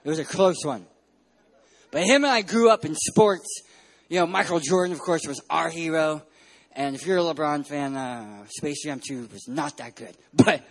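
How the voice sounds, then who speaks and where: Preacher, young man from San Diego, very high voice, playful and animated, punches lines loudly. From San Diego, California. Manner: playful, animated storytelling, bursts of loud emphasis. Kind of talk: sermon with personal stories.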